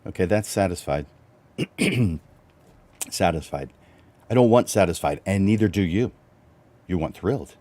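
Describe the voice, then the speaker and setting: A very deep, mellow-toned middle-aged man who hosts a livestreamed coaching talk. He is animated and chuckles often, his pitch leaping upward whenever he stresses a point. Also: measured pace, long pauses. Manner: animated, chuckling, swings up for emphasis. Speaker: host and photographer.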